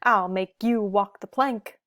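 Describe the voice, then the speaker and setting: A woman's voice: medium pitch, slow, fairly bright tone. A woman voicing a playful, boastful young male fox in a picture-book read-aloud, with dramatic exclamations. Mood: grumpy.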